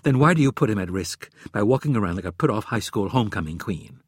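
A man's voice: fairly low pitch, expressive, quick pace, husky, dry recording, studio quality. A man voicing a cool, commanding woman who runs an intelligence agency, in a clipped and controlled way, for an audiobook. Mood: stern.

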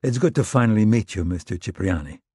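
A man doing a smooth ex-Marine diplomat. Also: lowish voice, lively intonation, fast talker, mellow, no echo, clean studio sound. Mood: friendly. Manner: disarming, polite, a bit nervous. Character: smooth-talking former Marine turned manager, man.

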